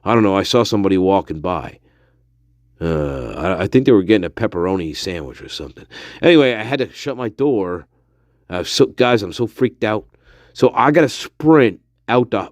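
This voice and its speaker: A man's voice: on the low side, expressive, normal speed, dry recording. A man in a rambling, mocking monologue, full of fillers, walking through his house while he talks. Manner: mocking, mock-scared, rambling with many fillers. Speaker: vlogger.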